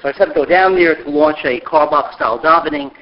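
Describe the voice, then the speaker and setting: A middle-aged man telling stories about a mentor, lively and acting out the voices of the people he quotes. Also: on the high side, quick pace. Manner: lively storyteller who acts out quoted voices. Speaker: speaker sharing memories of a mentor. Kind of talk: animated storytelling talk. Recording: dull lo-fi recording.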